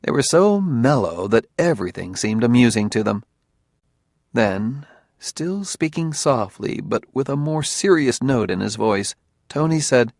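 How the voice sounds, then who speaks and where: A man reading a thriller audiobook in steady, intimate scripted narration. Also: mid-range voice, a little slow, vocal fry, dry recording, studio quality.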